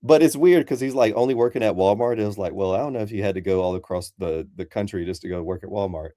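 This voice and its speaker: Rambling low-voiced Christian caller man. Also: fast, mellow, dry recording, studio quality. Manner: rambling, filler-heavy. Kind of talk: casual debate chat.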